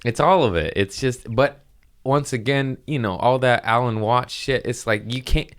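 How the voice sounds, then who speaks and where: A man's voice: medium pitch, normal speed. A man hosting his podcast in a casual, rambling way, tired and self-mocking, swearing freely. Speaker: podcast host. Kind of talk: casual chat.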